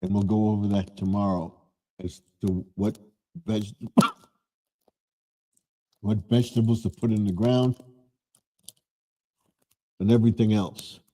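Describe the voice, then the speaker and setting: A man hosting a casual live stream from his home man cave, talking in a slow, rambling, low-key way. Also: level tone, warm tone.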